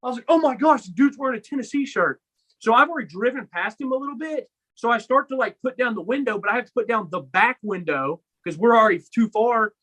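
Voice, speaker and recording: Bright-voiced young man telling animated stories. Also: very high voice, quick pace, low-quality recording. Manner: animated storyteller, acts out his own lines loudly. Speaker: podcast co-host. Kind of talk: casual sports podcast chat.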